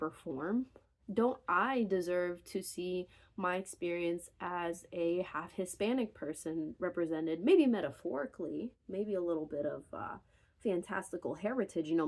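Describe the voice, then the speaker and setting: A woman's voice: lowish voice, a little mellow. Rambling young woman ranting to her phone. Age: young adult. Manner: rambling, self-interrupting, wry. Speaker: vlogger. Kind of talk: unscripted casual rant to camera. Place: bedroom at home. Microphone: phone camera.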